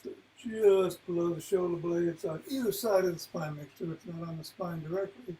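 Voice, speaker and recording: A man leading an exercise class, calmly cueing breathing and rolling moves, his voice a little worn. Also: sits high, rough recording. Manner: calm, unhurried cueing of movements. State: losing his voice. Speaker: fitness class leader. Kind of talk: guided exercise instruction.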